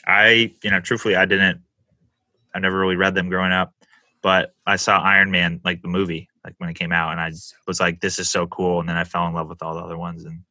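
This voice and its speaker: A man hosting a podcast, chatting enthusiastically with frequent halting restarts. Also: deep voice, flat delivery, bright, forceful tone, dry recording. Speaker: podcast host. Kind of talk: casual conversation.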